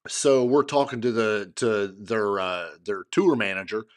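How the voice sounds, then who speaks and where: A middle-aged man co-hosting a podcast, retelling a story in a casual, animated way and acting out what others said. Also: on the low side, measured pace. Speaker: podcast co-host.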